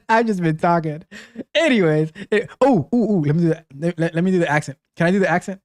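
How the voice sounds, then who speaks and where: A man's voice: fairly high pitch, a little fast, no echo, clean studio sound. A man hosting a live call-in tech show, chatting casually and jokingly, often repeating his phrases. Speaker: host.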